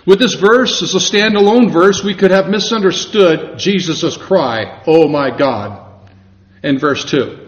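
A male preacher with a fairly high voice delivers a sermon, earnest and measured. He slows down to stress his scripture quotes. The recording is dull and lo-fi, in an echoey room. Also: animated.

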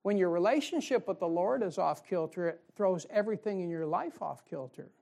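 A man's voice: sits high, expressive, fairly quick, creaky, darkish tone. A male pastor preaching a sermon in a folksy way, firing rhetorical questions at his congregation.

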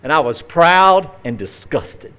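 A man's voice: a little high, expressive, slow, bright, forceful tone, clean tone. A male pastor preaching a conversational sermon, telling folksy stories with vivid acted-out asides.

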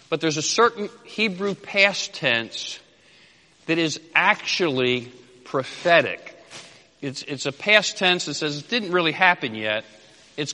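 A man preaching an expository sermon, emphatic and repeating key phrases, dropping low at the ends of phrases and reading scripture slowly. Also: bright, forceful tone. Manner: reads scripture slowly and deliberately. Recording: long hall reverb.

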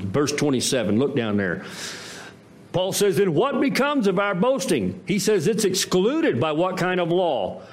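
Man preaching, lively rising and falling pitch, fairly high voice, emphatic rhetorical questions. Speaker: pastor. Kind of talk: sermon.

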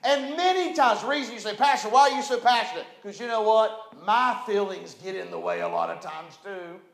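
Man, pastor preaching, very high voice, echoey church room. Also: very animated, fairly quick. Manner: preaching with call-and-response, dramatic swells. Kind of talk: sermon. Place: church sanctuary.

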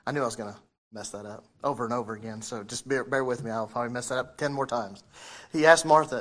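A man's voice: mid-range voice, fairly even intonation, quick pace, fairly bright tone. Male pastor, conversational sermon, reads scripture, asks the room questions. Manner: reads scripture aloud, self-correcting.

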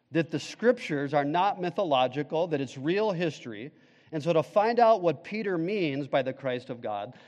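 A man's voice: fairly high pitch, a little mellow, big-room sound. A male pastor preaching a sermon, emphatic, putting questions to the congregation.

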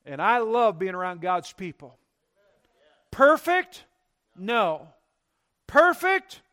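Male pastor, high voice, emphatic sermon delivery in a church. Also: lively intonation, unhurried. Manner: emphatic preaching with sweeping loud and soft swings.

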